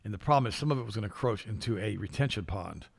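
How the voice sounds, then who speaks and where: Fast-talking, gravelly middle-aged talk host. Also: male voice, fairly low pitch, expressive. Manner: reads news items aloud with sarcastic asides. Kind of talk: opinionated talk show commentary.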